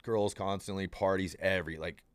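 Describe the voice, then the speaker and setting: A young man tells a story on a podcast in a low voice, rambling and animated. He keeps saying "dude" and acts out what the people in it said. The sound is dry and close to the mic. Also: brisk, clean tone, no echo. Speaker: podcast guest. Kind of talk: casual storytelling.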